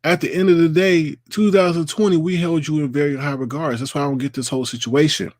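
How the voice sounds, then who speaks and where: Talking fast in a steady, slightly high, somewhat mellow voice, a man hosts casual livestream commentary on a computer mic. He rants and mocks the people he covers with impressions. The recording is dry and studio-clean.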